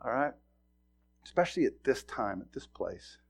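Folksy, animated man preaching a sermon. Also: medium pitch, moderate pace, vocal fry, breathy edge, faint music behind. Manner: folksy, animated storytelling with sudden loud bursts. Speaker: pastor. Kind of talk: sermon with a personal story.

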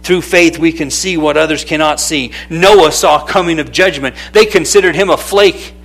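A man preaching a sermon, lively and conversational, calling out to people in the room by name. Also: on the high side, normal speed. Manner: animated, calls out to people by name. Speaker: pastor.

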